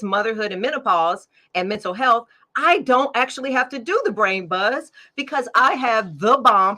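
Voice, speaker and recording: A woman's voice: medium pitch, bright, forceful tone. A middle-aged woman hosting her own show, talking in an upbeat, chatty way and laughing often. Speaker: podcast host. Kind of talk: casual livestream chat.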